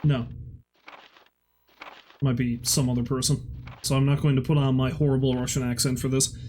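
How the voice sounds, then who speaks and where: Male streamer, young adult, dry sarcastic commentary, mid-pitched voice. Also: little pitch movement, normal speed, pauses often, dark tone. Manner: sarcastic, chatty, swears, muses aloud. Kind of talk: let's play commentary, reading in-game documents aloud.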